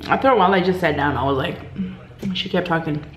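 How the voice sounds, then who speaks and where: A woman's voice: low-pitched, quick pace. A woman vlogger telling a story while eating, chatty and full of filler words. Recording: roomy room, faint background hum.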